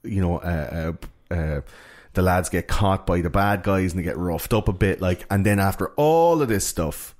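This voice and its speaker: A man with a very low voice talks through a film in casual podcast chat. He rambles, restarts and leans on filler words as he retells scenes. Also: expressive, normal speed, few pauses, darkish tone.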